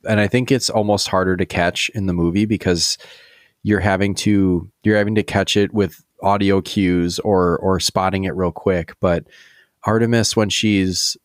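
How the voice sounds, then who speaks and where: This podcast co-host speaks low and steady at a moderate pace, captured in a dry, clean studio. He chats casually and rambles, with plenty of fillers and restarts.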